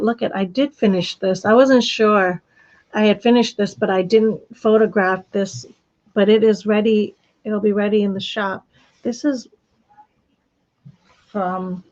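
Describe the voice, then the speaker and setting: Speaking a little slowly with long pauses, this woman hosts a knitting live stream, chattily rambling, restarting often, laughing, and answering viewers while she shows her supplies. Her medium-pitched voice is darkish in tone with fairly even intonation, heard in lo-fi sound.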